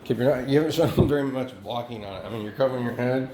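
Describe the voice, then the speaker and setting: A man talks on and on in a profane, halting monologue, breaking off and restarting his sentences. His voice sits at an ordinary middle pitch. The room around him rings, and steady noise runs underneath. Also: roomy sound, poor audio. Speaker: vlogger. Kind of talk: rambling self-recorded monologue.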